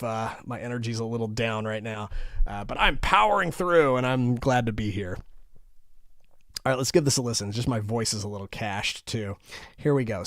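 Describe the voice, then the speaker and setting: A man's voice: medium pitch, fairly bright tone, no room sound, studio quality. Tired, chatty man hosting a livestream. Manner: chatty, greets viewers by name. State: tired, low energy. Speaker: host. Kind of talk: casual livestream chat.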